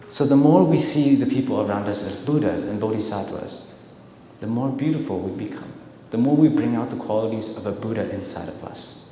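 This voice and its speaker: A man gives a dharma talk full of stories, often restarting and repeating words. His voice sits low, and a long reverb trails it around the temple hall. A faint hiss sits behind. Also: animated, fairly quick. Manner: storytelling, warm-hearted, repeats words. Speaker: dharma speaker.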